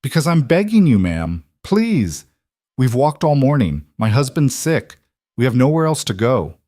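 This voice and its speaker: Casual: guy reading as a scrappy young seamstress, pitched up, practical n teasing, dry mic. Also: animated, normal speed, a little mellow, dry recording, natural voice. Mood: pleading. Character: young woman, poor brave quick-witted seamstress.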